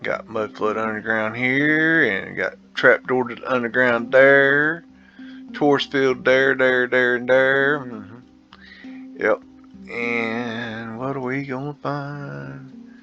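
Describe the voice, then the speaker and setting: A man's voice: mid-range voice, fairly even intonation, takes it slowly, vocal fry, pushed and bright. A man hosting a casual photo-tour commentary, rambling and musing with slangy asides. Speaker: host. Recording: dull lo-fi sound with faint guitar music.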